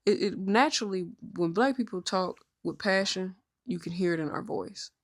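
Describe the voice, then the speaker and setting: A woman of thirty co-hosting a podcast, telling stories in an outspoken, mostly even-toned casual chat. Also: medium pitch, moderate pace. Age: 30s. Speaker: podcast co-host.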